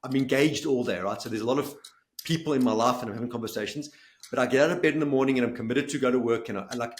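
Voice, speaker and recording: A man co-hosting a podcast, speaking earnestly and jumping quickly into a casual conversation. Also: mid-range voice. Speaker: podcast co-host. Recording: roomy echo.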